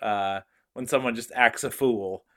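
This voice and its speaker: A man's voice: mid-range voice, fairly even intonation, unhurried, fairly bright tone. A man who is a guest on a podcast, speaking mildly and with some hesitation in casual chat.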